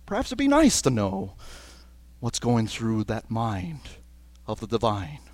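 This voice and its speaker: A man preaching a sermon as pastor at a church service, earnest and slowing down on key phrases. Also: medium pitch, wildly swooping pitch, a little mellow, no echo. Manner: earnest, with slowed emphatic phrases. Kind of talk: liturgical sermon.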